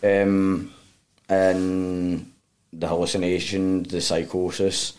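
A low-pitched man with a broad Glasgow Scottish accent tells his story as a podcast guest. His speech is blunt and full of swearing, and it tumbles along with restarts. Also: little pitch movement, slow pace, a little mellow. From Glasgow, Scotland. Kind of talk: candid storytelling in a podcast interview.

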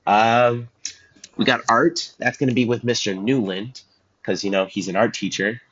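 A man's voice: mid-range voice, fairly even intonation, normal speed, a bit bright, slightly rough, dull audio. A teenage boy hosting a student podcast alone, joking and rambling from topic to topic, recorded in a school recording room. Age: teens. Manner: joking, self-deprecating, goes off on tangents. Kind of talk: rambling solo podcast chat.

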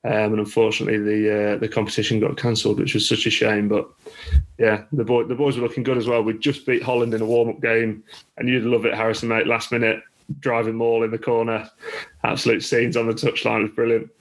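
English rugby coach, flat-toned storyteller. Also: male voice, lowish voice, a little fast, poor audio. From England. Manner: chatty, with many restarts and laughs. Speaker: rugby academy coach, podcast guest. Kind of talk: casual interview storytelling.

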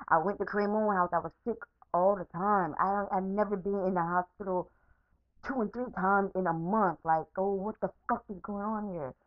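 A woman's voice: mid-range voice, no room sound, highs cut off. A woman podcaster in an angry, unscripted rant, swearing heavily and repeating herself, recorded as a phone voice message. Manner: profane, repetitive, heated.

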